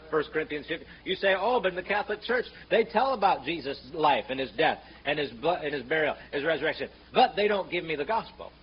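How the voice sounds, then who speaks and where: A man's voice: fairly high pitch, lively intonation, a little fast, breathy edge. Fiery man preaching, muffled recording. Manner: fiery, rising to shouts on scripture quotes; sarcastic, mocking. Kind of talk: sermon. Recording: muffled, slightly noisy sermon recording.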